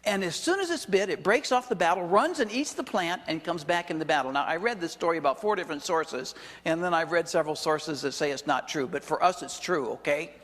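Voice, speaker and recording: A man's voice: a little high, animated, fairly quick, hardly any pauses, fairly bright tone, long reverb tail, slight background noise. A male pastor preaching a sermon, talking conversationally with chuckling asides and questions to the congregation. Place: church sanctuary.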